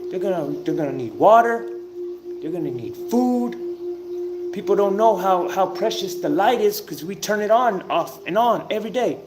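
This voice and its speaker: A man giving an informal spiritual talk, telling a story emphatically, with drawn-out pauses and the odd curse word. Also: sits high, animated, music in the background. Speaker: self-styled spiritual teacher. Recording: noisy ambient background.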